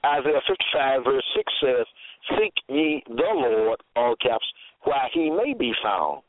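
A man expounds scripture at an unhurried, measured pace, citing verse after verse and restating each. His voice comes through thin and narrow like a phone line, with a dry, close sound and no room around it. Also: medium pitch, big pitch swings, no room sound. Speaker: scripture teacher. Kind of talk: slow, deliberate scripture exposition.

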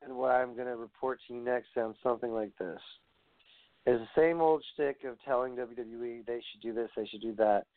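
A man's voice: mid-range voice, fairly even intonation, brisk, no echo. A man giving a rambling, profane rant as a wrestling commentator, sounding exasperated. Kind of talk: ranting podcast commentary. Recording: dry tinny phone-like audio.

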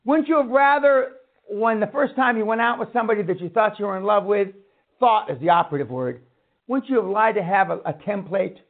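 A man with a high-pitched voice gives a brisk, profane motivational lecture at a seminar, ranting bluntly at his audience. The recording sounds tinny, like a phone.

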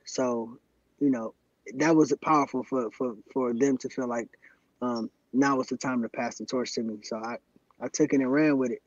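A man's voice: mid-range voice, steady tone, normal speed, dry recording. Earnest man, dull dry recording. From Cleveland, USA. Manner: earnest, grateful, frequent affirmations. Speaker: guest activist. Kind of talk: casual podcast interview.

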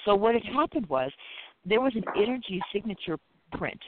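A man's voice: high-pitched, sing-song, normal speed, background noise. A man, a Reiki practitioner, chatting on a radio show in a loose, rambling way, filling his talk with "you know" and "it's like.". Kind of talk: casual radio chat. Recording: tinny phone line.

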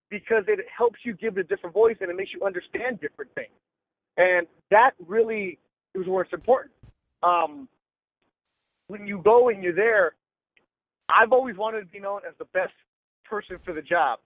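A middle-aged sports broadcaster from Los Angeles, talking bluntly and emphatically with slang in a casual podcast interview over a tinny, dry line. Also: male voice, high voice, no echo.

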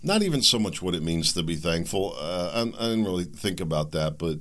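Man, low-pitched voice, solo podcast host, heated ranting commentary, sarcastic, repeats and restarts sentences. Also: very animated, brisk, fairly bright tone. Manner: heated ranting with repeated words and self-interruptions; sarcastic, mimics opponents. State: coughing. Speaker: show host.

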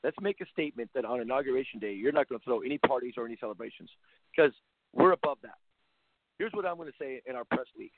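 A man's voice: mid-range voice, animated, quick pace. A man hosting a talk show as a basketball coach, ranting bluntly and sarcastically with lots of repetition. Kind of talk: opinionated talk-radio rant. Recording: phone-line sound, dry.

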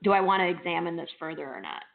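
A woman's voice: on the low side, very animated, fast, gravelly, narrow, tinny audio. A female recruiter and co-host speaking bluntly, standing firm when she disagrees. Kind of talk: casual chat.

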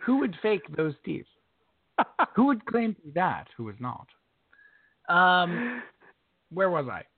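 A man co-hosting a casual sports podcast, laughing often and talking in an animated, joking way. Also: sits high, takes it slowly, long pauses, narrow, tinny audio. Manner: animated, laughs often, breaks into mock British singing. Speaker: podcast co-host.

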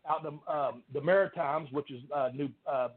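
A man telling animated wrestling stories in casual chat, laughing often. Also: a little high, brisk. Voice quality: country accent. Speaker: guest, former pro wrestler. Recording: phone-like line with faint noise.

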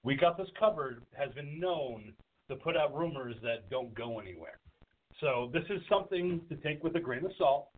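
A man co-hosting a horror film podcast, chatting casually, animated and laughing, with frequent swearing. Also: fairly high pitch, moderate pace. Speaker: podcast host. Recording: tinny dry phone-like line.

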